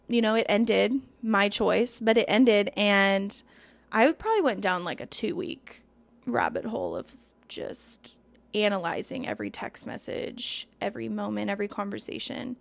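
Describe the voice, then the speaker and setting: A woman's voice: on the high side, a bit bright, dry recording. Candid woman in her thirties hosting. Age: 30s. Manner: candid, confiding, sometimes drawn-out emphasis. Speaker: podcast host. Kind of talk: solo podcast monologue.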